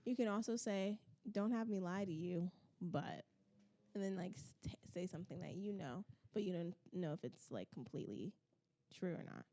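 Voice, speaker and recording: A woman's voice: fairly low pitch, moderate pace, mellow. Giggly young woman guest. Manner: giggly, rambling. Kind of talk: casual podcast chat.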